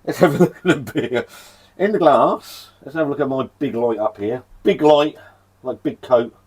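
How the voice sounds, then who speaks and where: His voice is medium-pitched, darkish and husky, moving at a normal pace. The English man rambles through a relaxed beer review in a cold shed, shivering, cursing freely and laughing at his own expense.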